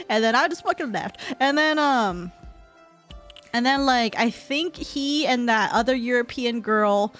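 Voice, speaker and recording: A woman's voice: high-pitched, normal speed, soft background music. A young woman streamer telling a story in casual chat, swearing a lot and laughing often. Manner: profane, animated, laughs often.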